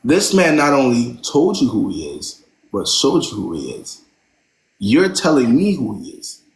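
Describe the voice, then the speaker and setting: A man's voice: medium pitch, big pitch swings, a little slow, a little hiss or hum. A man hosting a live stream, giving blunt relationship advice and driving his points home with "right?".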